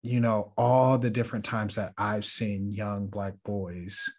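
A man's voice: on the low side, flat delivery, unhurried, breathy edge. A man co-hosting a podcast, telling a story in an earnest, reflective way and laughing often. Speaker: podcast co-host. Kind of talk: casual storytelling chat.

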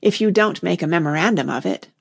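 A flustered, shrill White Queen bursts out in loud, high cries, as a woman reading a storybook puts her on. The voice keeps a husky, gravelly grain and swings widely in pitch. The sound is close and dry. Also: lively intonation, quick pace, exaggerated voice. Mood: bossy. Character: excitable shrill White Queen, breathless chess piece.

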